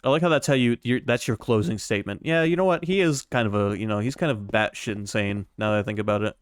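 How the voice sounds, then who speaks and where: A man's voice: fairly low pitch, fast talker, clean tone, dry recording, studio quality. A man giving casual let's-play commentary as a game streamer, joking and rambling with sarcastic asides.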